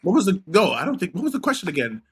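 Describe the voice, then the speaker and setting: Animated young New man telling stories. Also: high-pitched, racing, slightly rough. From Senegal. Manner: animated storyteller, acts out his own quotes. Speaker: podcast co-host. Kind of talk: casual chat.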